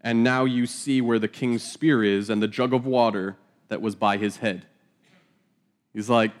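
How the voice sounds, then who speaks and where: A man's voice: mid-range voice, fairly even intonation, unhurried. A man reading scripture aloud and teaching it verse by verse, in a casual, joking manner with laughing asides. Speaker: Bible teacher.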